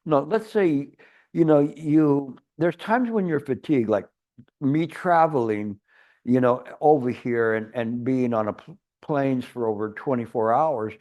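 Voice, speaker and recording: A man's voice: mid-range voice, a little slow, highs cut off. A man giving a Chan meditation teacher's retreat dharma talk, rambling and restarting, with playful everyday examples. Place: retreat hall.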